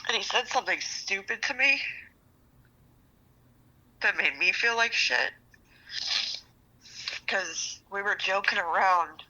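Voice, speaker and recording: A woman's voice: medium pitch, animated, slow, pauses often, sharp tone, low-quality recording. A woman telling a personal relationship story as a podcast guest, frustrated, venting, and swearing a lot. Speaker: guest seeking relationship advice.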